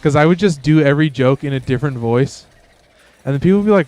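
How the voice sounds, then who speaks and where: A man's voice: a little high, expressive, fast talker, darkish tone, dry recording. A man streaming a game, chatting casually and rambling in a laid-back, slangy way. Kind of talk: casual gameplay commentary.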